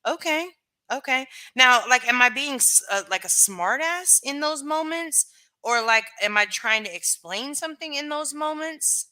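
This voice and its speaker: Bright-voiced woman chatting frankly on stream. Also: high voice, expressive, a little slow. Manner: rambling, frank, full of "like" and "you know". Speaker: livestream host reading chat. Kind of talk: casual livestream chat.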